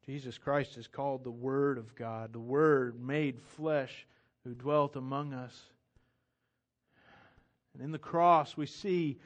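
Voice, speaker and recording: A man preaching a sermon, swinging between loud emphatic declarations and hushed, intimate appeals. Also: high voice, slow. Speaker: pastor.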